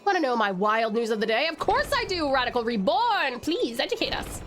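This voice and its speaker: A young woman chats warmly with her viewers while she plays a game, calling them honey and cursing casually. Her voice is high and highly animated. Game music plays clearly underneath. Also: brisk, few pauses. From Tasmania, Australia. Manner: bubbly, affectionate, swears casually. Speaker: streamer. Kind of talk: live game stream chat.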